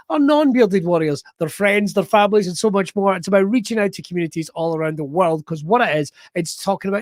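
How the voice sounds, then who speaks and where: A Scottish man hosting a podcast with a bright, high voice. He talks like an upbeat showman and cracks jokes. The sound is close and dry. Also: dry recording. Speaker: podcast host. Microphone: remote call.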